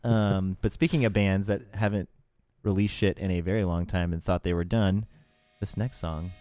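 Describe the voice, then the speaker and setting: A man's voice: low-pitched, fairly even intonation, moderate pace, dark tone. A man co-hosting a music podcast in casual chat, laughing often, teasing and swearing freely. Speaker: podcast co-host. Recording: music clearly playing behind.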